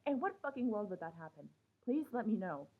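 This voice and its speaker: A woman's voice: mid-range voice, fairly quick, husky. A young woman recapping a TV episode in a casual, sarcastic rant full of swearing. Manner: animated, swears a lot, sarcastic. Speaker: TV show reviewer. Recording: tinny phone-like audio.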